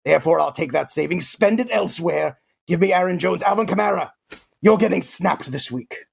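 A man's voice: high voice, animated, fairly quick, gravelly, slightly rough, exaggerated voice. A man putting on a comic voice of a boastful alien titan villain on a sports talk show, speaking with pompous theatrical grandeur. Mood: mock-grand. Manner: pompous, theatrical, playful third-person boasts. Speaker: fantasy football guest in character. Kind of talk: comic character bit on a sports podcast.

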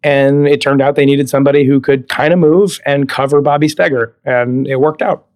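A California man in his thirties, a Broadway actor, is a guest on an interview podcast, chatting casually. His medium-pitched voice is steady, brisk and darkish as he tells stories animatedly, laughs a lot and acts out quoted dialogue.

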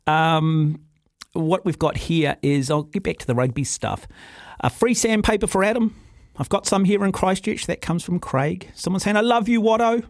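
A man's voice: a little high, normal speed, no room sound, clean studio sound. A middle-aged man with a New Zealand accent hosting a sports talkback radio show. He speaks in a forthright, opinionated way. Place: radio studio. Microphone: studio microphone.

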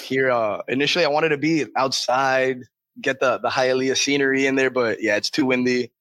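Bright, easygoing man with a Miami accent. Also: medium pitch, fairly even intonation, moderate pace, no echo. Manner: easygoing, jokey, laughs often. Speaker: podcast guest. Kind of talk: casual chat. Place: indoors at home.

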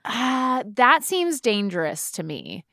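A woman's voice: fairly high pitch, big pitch swings, takes it slowly, gravelly, a bit bright, no echo, clean studio sound. A woman co-hosting a podcast in casual chat, playful and self-deprecating, recorded in a virtual session. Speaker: podcast co-host. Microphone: remote recording, dry sound.

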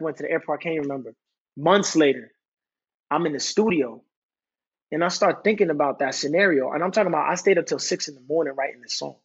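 A man in his thirties, a podcast guest talking candidly and haltingly, often repeating words and restarting his sentences. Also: fairly high pitch, husky, muffled recording. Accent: New York. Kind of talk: candid conversational talk.

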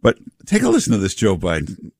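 Male talk radio host, mocking banter, lively and expressive, dry close mic. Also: deep voice, brisk, no echo. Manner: sarcastic, mocking, lively delivery. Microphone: studio microphone.

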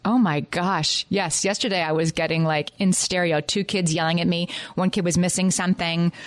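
A woman in her forties co-hosting a podcast, chatting in a lively way and laughing easily. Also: on the low side, normal speed, dry recording. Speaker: podcast co-host. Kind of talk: casual chat.

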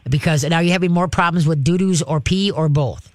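Speaking a little fast in a slightly high voice, a man hosts a call-in radio program on dogs. The dog trainer's advice comes across folksy and talkative, punctuated by "okay?" and "all right?" There's no echo.

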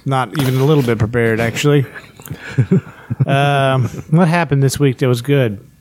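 A man co-hosting a podcast, talking casually in a halting, hesitant way. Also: mid-range voice, a little mellow, a little hiss or hum, poor audio. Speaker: podcast co-host. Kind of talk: casual chat.

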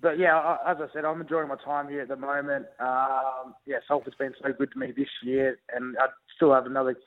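Young aussie bloke on a crackly phone call, relaxed and rambly, lots of ums. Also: male voice, medium pitch. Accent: Australian. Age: young adult. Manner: easygoing, halting with many ums and restarts. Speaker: rugby league player interviewed by phone. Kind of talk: casual phone interview. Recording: tinny phone line.

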